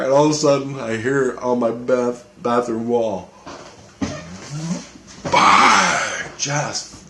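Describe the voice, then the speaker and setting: A man's voice: mid-range voice, slow pace, long pauses, background noise. Man, mid-range voice, casual monologue, intense and foul-mouthed, roomy echoey sound. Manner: profane, intense, repetitive storytelling. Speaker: storyteller recounting an experience.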